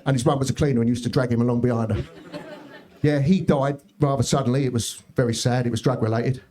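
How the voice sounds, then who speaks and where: A middle-aged man doing a stand-up set in a comedy club, telling stories deadpan with quick asides to the crowd. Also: medium pitch.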